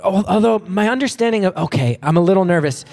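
A man's voice: high-pitched, expressive, quick pace, vocal fry, darkish tone, long reverb tail. A man hosting a live podcast, chatty and self-deprecating, often restarting his sentences. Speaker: podcast host. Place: live venue before an audience.

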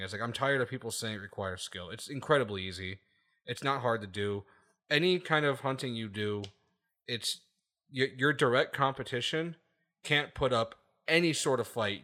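A man with a sharp-toned, mid-range voice goes on an emphatic rant while hosting a casual podcast. Swearing heavily and laughing at his own arguments, he keeps tossing in "okay?" to check in.

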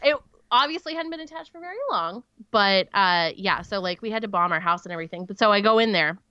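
A woman in her thirties rambles through stories with frequent giggles and "um"s. Her voice is smooth and clean, recorded up close and dry, though the sound is a bit dull. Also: mid-range voice, expressive, quick pace, sharp tone, dry recording. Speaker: podcast co-host. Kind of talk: casual storytelling.

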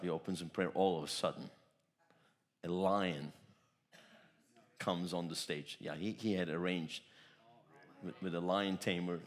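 A man with a fairly low voice delivers a sermon as pastor. He leans hard into bold declarations, then drops into quieter, confiding asides. He tells his stories in rolling, repetitive phrases. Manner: emphatic, swings between loud declarations and soft asides; storytelling with repeated phrases.

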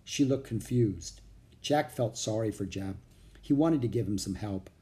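A man narrating a children's chapter book, expressive, doing all the character voices. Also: on the low side, measured pace.

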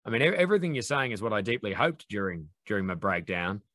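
A man's voice: on the low side, big pitch swings, fast talker, fairly bright tone, no echo, clean studio sound. A man in casual chat, swearing freely and acting out quotes in mock voices.

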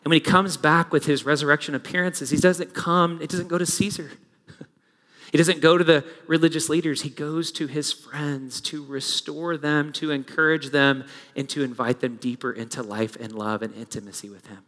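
A middle-aged male pastor delivers a sermon with a bright, ringing voice pitched a little high. He drops to hushed, reflective tones, then builds to urgent, rising exhortation. The sound carries a long reverb from a large church sanctuary. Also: fairly even intonation, moderate pace.

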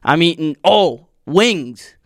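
A man's voice: fairly high pitch, animated, takes it slowly, no echo, clean studio sound. A young man chatting casually as a podcast co-host, rambling and swearing, restarting his sentences. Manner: rambling, profane, restarts often. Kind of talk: casual chat.

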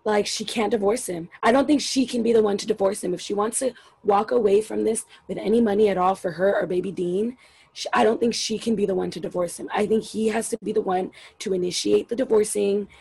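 A woman's voice: mid-range voice, fairly even intonation, fairly quick, creaky, darkish tone, slightly rough. A woman in casual chat about a reality show, blunt, opinionated and swearing freely.

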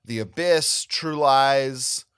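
A man's voice: medium pitch, extremely slow, fairly bright tone, clear, resonant tone, no echo. A man co-hosting a podcast in casual chat, joking and rambling, often laughing. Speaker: podcast co-host. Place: New Jersey.

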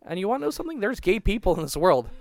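Very fast and very animated, a young man with a high-pitched, vocal-fried voice rambles through a crude story on a casual podcast, recorded with no room sound. Profanity pours out nonstop, and he restarts his sentences over and over.

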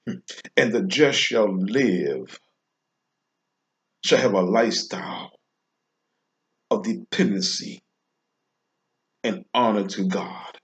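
Slow-preaching man with a drawl. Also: on the low side, expressive. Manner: slow, repetitive, emphatic preaching with pauses. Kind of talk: informal devotional sermon.

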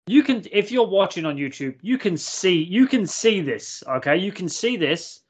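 A man co-hosting a podcast, telling a story in casual, animated chat and swearing freely. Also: sits high, normal speed. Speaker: podcast host. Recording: muffled lo-fi podcast audio.

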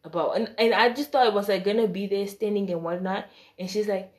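A young woman in the middle of a storytime, talking casually and full of slangy asides. She acts out each exchange, her voice swinging from hushed mutters to loud, dramatic outbursts. Her pitch sits in a mid range for a woman. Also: a little fast, few pauses. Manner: animated, acts out quoted dialogue with shifting voice; chatty and slangy, with asides and laughter.

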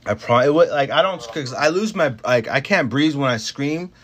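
A man's voice: on the high side, moderate pace, fairly bright tone. Rambling young man, casual chat. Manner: rambling, full of fillers and restarts, swears freely. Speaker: podcast talker telling a work story.

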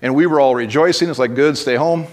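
A man's voice: mid-range voice, fast talker, darkish tone. A man preaching a sermon as pastor, telling stories conversationally and breaking into blunt exhortations, with frequent restarts.

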